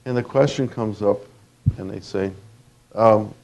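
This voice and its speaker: A man's voice: fairly low pitch, measured pace, gravelly, darkish tone. A man giving an anatomy lecture to dental students in a conversational, anecdotal way with fillers and restarts.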